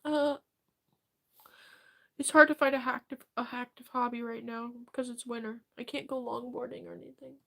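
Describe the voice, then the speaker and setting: A woman livestreaming, reading chat and answering in a halting, rambling, self-deprecating way while close to tears. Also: a little high, level tone, vocal fry, bright, forceful tone. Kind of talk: live chat reading and reply.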